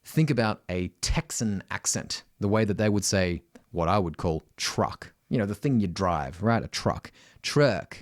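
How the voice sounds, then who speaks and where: A man's voice: moderate pace, few pauses, no echo. Australian man teaching singing, dry sound. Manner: direct, uses "right?" constantly, breaks into loud high sung examples. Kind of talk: singing lesson with sung demonstrations.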